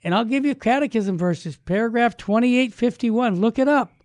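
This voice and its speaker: Folksy, animated Catholic evangelist man. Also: very high-pitched, normal speed, no room sound. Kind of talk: storytelling religious teaching.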